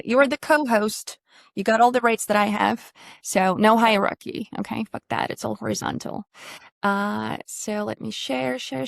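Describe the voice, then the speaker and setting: Her voice is fairly high with vocal fry, captured in a clean studio recording without echo. In a relaxed online pronunciation lesson, she chats, quizzes her student, and occasionally swears.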